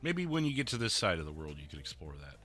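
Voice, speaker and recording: A man with a Midwestern accent chats on a live stream. His voice sits low but comes through bright and forward. He rambles and doubles back often, and soft music plays underneath. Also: very animated. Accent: Midwestern American. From American Midwest. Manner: rambling, halting with many fillers and restarts. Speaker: streamer and roleplay dispatcher. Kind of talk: casual chat. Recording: faint music behind.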